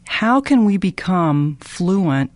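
A man's voice: high-pitched, big pitch swings, no room sound. Man hosting, dry close sound. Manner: measured, asks guiding questions. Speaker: interview host. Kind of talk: interview questions.

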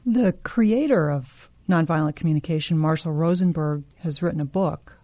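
Mellow-voiced woman hosting a radio interview. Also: low-pitched, moderate pace, no room sound. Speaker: radio show host. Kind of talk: scripted introduction and interview questions.

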